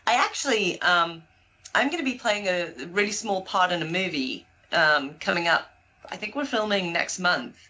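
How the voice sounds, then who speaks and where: A woman's voice: lowish voice, expressive, moderate pace, sharp tone, highs cut off. A woman from Zimbabwe and South Africa, with an accent mixing South African, British and American, chatting as a guest and telling stories with laughs. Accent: mixed South African, British and American. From born in Zimbabwe, raised in South Africa and Greece. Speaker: guest paranormal investigator. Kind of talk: casual chat on a live show.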